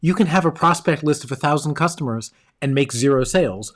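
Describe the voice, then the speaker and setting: A man's voice: a little high, a little fast. A man hosting a podcast interview, reflecting thoughtfully on a guest's story in casual chat. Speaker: podcast host.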